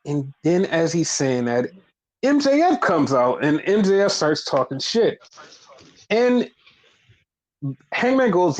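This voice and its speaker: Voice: medium pitch, slow pace, long pauses, low-quality recording. A podcast host recapping wrestling in casual chat, swearing freely and acting out what others said. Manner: animated, swears often, acts out quotes.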